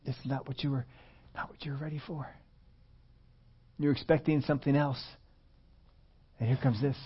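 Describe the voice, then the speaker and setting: A man preaching a conversational sermon, at times rising loud and emphatic. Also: medium pitch, level tone, normal speed, slightly rough, lo-fi sound. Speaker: pastor.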